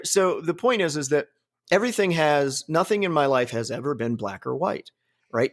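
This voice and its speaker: A man hosting a casual podcast, rambling and swearing, often laughing at his own jokes. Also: mid-range voice. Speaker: podcast host.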